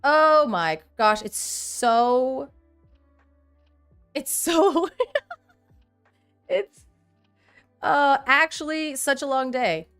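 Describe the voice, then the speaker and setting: A woman's voice: high-pitched, very slow, pauses often, clear, resonant tone, faint music behind. A woman in her thirties hosting a casual livestream, chatting animatedly and reading viewer comments aloud. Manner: animated, chatty, reads chat aloud, laughs often. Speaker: livestream host.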